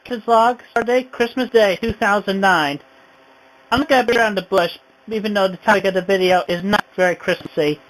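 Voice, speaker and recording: A woman's voice: mid-range voice, a little fast, low-quality recording. A woman vlogging an indignant, rambling rant, sighing often. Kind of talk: ranting home vlog.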